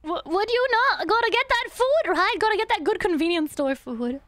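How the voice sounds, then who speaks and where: Bubbly, very high-voiced young woman streamer. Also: animated, normal speed, fairly bright tone. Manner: playful, bubbly, hums little sound effects. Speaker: VTuber streamer. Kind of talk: live gameplay commentary.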